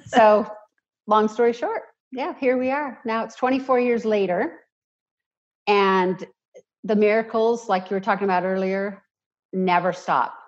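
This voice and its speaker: A woman's voice: medium pitch, unhurried, long pauses, dull audio. A woman guest speaking earnestly and from the heart in an interview. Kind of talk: emotional personal interview talk.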